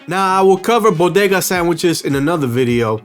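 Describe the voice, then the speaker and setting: Man, New York accent, high voice, animated slangy storytelling, faint music behind. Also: a little fast. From the Bronx, New York. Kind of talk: casual storytelling.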